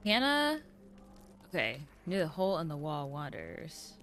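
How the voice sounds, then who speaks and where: A woman with a notably low voice chats through a gameplay session. She reacts to each moment with quick exclamations. Faint game music plays behind her. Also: huge pitch swings, fairly bright tone. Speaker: gameplay streamer. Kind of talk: casual gameplay commentary.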